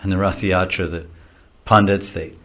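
A man's voice: low voice, fairly even intonation, moderate pace, fairly bright tone. A man giving a devotional lecture in a conversational, rambling storytelling way. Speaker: devotional class speaker. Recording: dull lo-fi recording.

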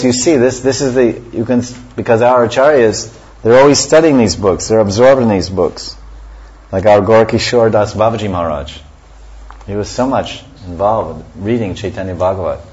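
A religious teacher with a fairly low voice gives a scripture class at normal speed, explaining verses and often chanting them. He laughs softly now and then, captured on a dull lo-fi recording.

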